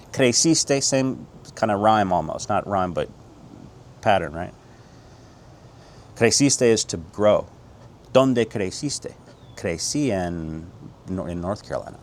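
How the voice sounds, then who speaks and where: A middle-aged American man teaching a casual Spanish lesson, energetic and quick, switching between English and slow Spanish drills. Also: low-pitched, slight background noise. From United States.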